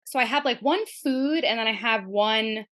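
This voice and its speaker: A woman's voice: a little high, normal speed, fairly bright tone. A woman with a New Jersey accent, a nurse practitioner guest on a podcast, talking in a friendly, casual way with frequent fillers. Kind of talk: podcast interview.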